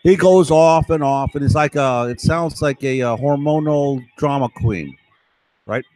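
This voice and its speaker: A man's voice: fairly high pitch, unhurried, a little mellow, dry recording, rough recording. A man in a casual monologue, rambling and insistent, with an aggrieved, conspiratorial tone that keeps checking in with "right?".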